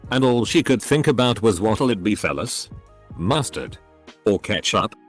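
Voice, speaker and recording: Male narrator reading stories, low voice, animated pitch, soft music bed. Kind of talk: scripted story narration.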